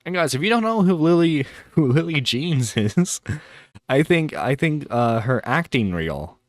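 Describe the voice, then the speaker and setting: A man's voice: a little high, very animated, no echo. A man hosting a livestream, chatting casually and laughing as he reacts to a video. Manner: chatty, laughing, halting with fillers. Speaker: streamer host.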